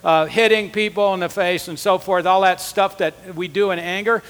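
A high, bright male voice preaching in an earnest, conversational way. He talks straight to the men in the room, and the sound rings with a long hall echo. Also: steady tone, normal speed, smooth. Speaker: conference speaker. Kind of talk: sermon teaching.

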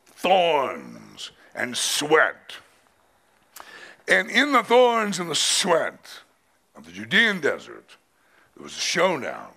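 A male preacher delivering a dramatic sermon, his voice swinging widely from high to low. The tone is gravelly and bright, and he speaks slowly with emphatic pauses. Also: wildly swooping pitch. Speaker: pastor. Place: men's conference.

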